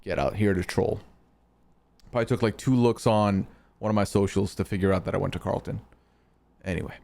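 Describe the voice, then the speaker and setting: A man's voice: fairly low pitch, steady tone, brisk, gravelly, warm tone. A young man from Canada, hosting a live stream in casual chat, answering his chat and teasing trolls with some swearing. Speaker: streamer host.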